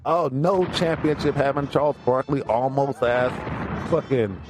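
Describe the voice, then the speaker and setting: A man's voice: medium pitch, a little slow, noisy background. A man co-hosting a casual sports podcast, ranting and trash-talking with lots of profanity. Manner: animated, profane trash talk. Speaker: podcast co-host.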